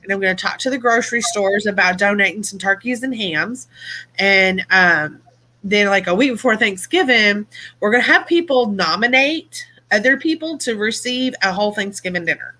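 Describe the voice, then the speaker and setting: A woman's voice: medium pitch, normal speed, bright, forceful tone. Chatty, blunt woman. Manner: chatty, blunt, rambling with fillers. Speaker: livestream host and phone store manager. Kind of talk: casual live-stream chat.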